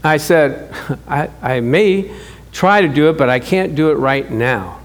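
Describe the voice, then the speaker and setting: A middle-aged man preaching a sermon, telling a married-life story with animated acted-out dialogue and frequent chuckles. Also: on the high side, unhurried. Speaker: pastor. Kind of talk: sermon with personal stories.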